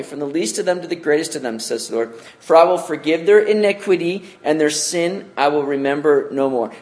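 Male pastor mid-sermon, slightly high voice, animated and conversational.

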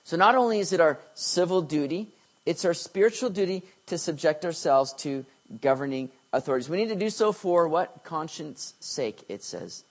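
Animated pastor preaching. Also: male voice, moderate pace. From Canada. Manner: animated storyteller, voice swings from quiet asides to excited high bursts. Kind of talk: sermon.

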